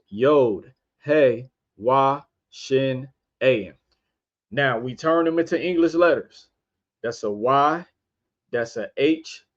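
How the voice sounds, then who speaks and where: A man hosting a podcast, giving an informal religious lesson while sharing his screen. He spells out letters one by one and keeps asking his listeners rhetorical questions. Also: mid-range voice. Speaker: podcast host teaching scripture. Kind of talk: informal religious teaching over a screen share. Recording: dull lo-fi stream audio.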